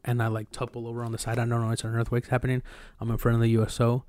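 A young man co-hosting a podcast, telling a long personal story in casual, profane, animated chat. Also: mid-range voice, racing, no room sound, studio quality. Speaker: podcast co-host.

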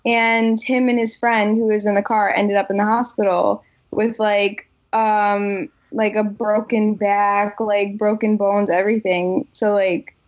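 A woman's voice: mid-range voice, a little slow, few pauses, highs cut off. A young woman in casual chat, telling stories animatedly and saying "like" a lot. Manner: animated storytelling with many likes.

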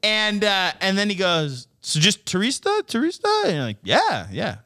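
A young man telling a story in casual chat, animated and profane, laughing a lot and acting out what people said. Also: sits high, measured pace, dry recording, studio quality. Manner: animated, swearing, laughing often, acting out quotes.

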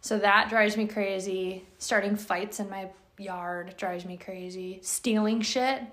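A woman talking casually on a podcast about her dogs. She is blunt and profane and tells stories with energy. Her voice sits at an ordinary middle pitch. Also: fairly even intonation, slow, a bit bright. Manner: blunt, swears freely, storytelling. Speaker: podcast host, dog owner.

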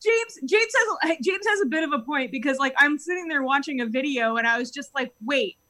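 A woman's voice: high voice, animated, brisk, bright, forceful tone, slight background noise. A woman co-hosting a podcast in casual banter, brash and swearing. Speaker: podcast co-host.

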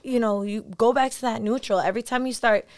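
A woman's voice: fairly high pitch, steady tone, fast talker. A woman co-hosting a podcast, talking candidly in casual chat, swearing freely and laughing often. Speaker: podcast co-host.

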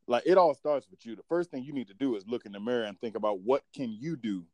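A man's voice: mid-range voice, quick pace, darkish tone, dry recording. Frank, profane man co-hosting a chat. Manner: frank, profane, lectures with mock quotes. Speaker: podcast co-host. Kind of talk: casual chat.

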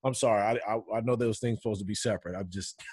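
A man hosting a casual interview, relaxed, with frequent brief affirmations. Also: on the low side, fast talker, slightly rough, no room sound, studio quality. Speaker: interview host.

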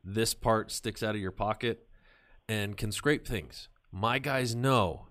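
A man with a lowish voice spins a loose, profane anecdote on a podcast. He drops into quick impressions of the people he describes and swears freely. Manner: profane, animated storyteller who acts out voices. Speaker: podcast talker. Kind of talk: casual podcast chat.

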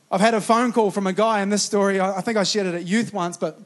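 A New Zealand man preaching with fervour, his voice sitting high for a man. He chuckles between thoughts and urges his listeners on as he speaks. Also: fairly even intonation, moderate pace. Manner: fervent, chuckling often, rallying with "come on". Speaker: pastor. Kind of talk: sermon.

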